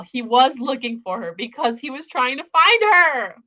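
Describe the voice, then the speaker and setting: A woman's voice: high-pitched, very animated, moderate pace, bright, forceful tone, rough recording. A young woman hosting a casual livestream book discussion, gushing about a book with lots of filler words. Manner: gushing, filler-heavy "like" talk. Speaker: booktube host. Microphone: livestream microphone.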